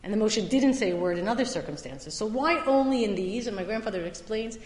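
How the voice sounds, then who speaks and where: A woman teaching a Torah class as a summer lecture, stressing some points loudly and dropping into quiet asides. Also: mid-range voice, expressive, fairly quick. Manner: emphatic, swings between loud stresses and quiet asides. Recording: echoey hall with long reverb.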